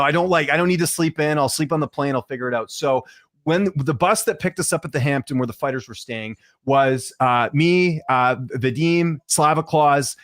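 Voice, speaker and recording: A man's voice: a little high, no echo, clean studio sound. A man from Canada, a guest commentator, telling a rambling story in casual podcast chat with lots of fillers. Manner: animated, fast rambling storyteller with many fillers.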